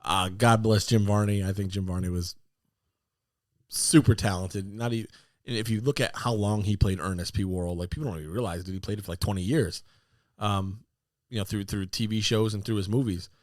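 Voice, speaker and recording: Man, podcast co-host, casual chat, rambling, excitable, fairly low voice, dry recording. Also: fairly quick, dry recording. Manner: animated, excitable bursts between rambling fillers.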